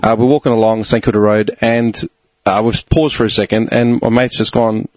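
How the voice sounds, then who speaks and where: A man's voice: lowish voice, normal speed, dry recording, low-quality recording. A man telling a story in casual chat, swearing freely and acting out what people said. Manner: animated storyteller, swears casually, acts out quotes.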